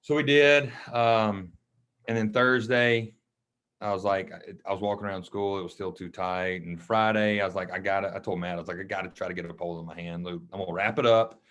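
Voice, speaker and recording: A man tells a personal story on a podcast, speaking in a fairly low voice. He is casual and emotional, and he acts out the dialogue of the people he quotes. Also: fairly even intonation, a little fast, fairly bright tone. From Mississippi. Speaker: coach and podcast guest.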